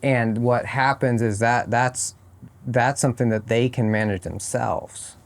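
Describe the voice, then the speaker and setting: A man's voice: mid-range voice, steady tone, measured pace. A man talking as a guest on a podcast, thoughtful and often restarting his phrases, at a horse competition. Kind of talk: casual interview chat.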